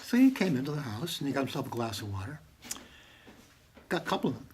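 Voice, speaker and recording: A man talking casually to camera at home, impassioned and profane, swinging from loud bursts to hushed whispers. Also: medium pitch, lively intonation, fast talker, a little hiss or hum. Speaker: monologuing about strangers and religion. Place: home with maps on the wall. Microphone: handheld camera.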